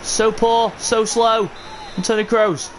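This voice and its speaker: A man live-streaming a football video game, commentating his own match with frustration and bursts of shouting. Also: sits high, fairly even intonation, slow, a little hiss or hum.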